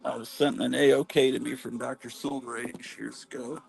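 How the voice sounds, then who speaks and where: A man's voice: mid-range voice, level tone, moderate pace, vocal fry, faint music behind, low-quality recording. A man hosting a live stream from home, chatting in a rambling, self-deprecating way among his comic books. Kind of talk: casual live-stream chat. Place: home room stacked with comics.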